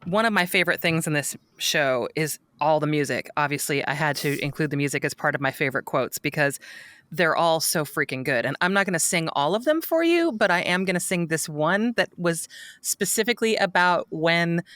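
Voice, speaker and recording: A woman's voice: sits low, animated, a little fast, fairly bright tone, no echo. A woman co-hosting a podcast, chatting casually and gushing about her favorite lines. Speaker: podcast co-host. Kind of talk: casual chat.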